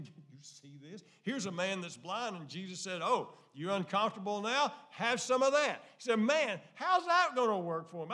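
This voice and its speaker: A man preaching a sermon in a folksy style, swinging between hushed low lines and loud excited outbursts. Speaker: pastor. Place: church sanctuary.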